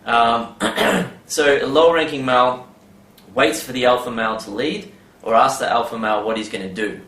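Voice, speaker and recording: A man's voice: mid-range voice, steady tone, normal speed, fairly bright tone. A man giving a casual advice monologue, rambling with many fillers and tag questions. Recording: roomy with faint background ambience.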